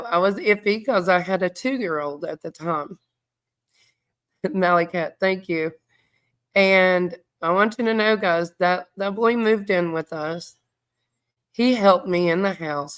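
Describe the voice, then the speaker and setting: Middle-aged woman, livestream host; unhurried, lower voice, emotional and stuffy-nosed, reads chat aloud. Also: clean tone. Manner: heartfelt, reads viewer comments aloud. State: congested, near tears. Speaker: true crime livestream host.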